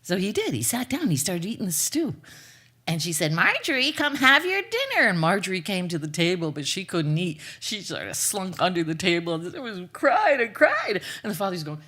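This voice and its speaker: Woman storyteller, live folk tale, animated and bright-toned, dramatic with playful asides. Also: fairly low pitch, a little fast, breathy edge.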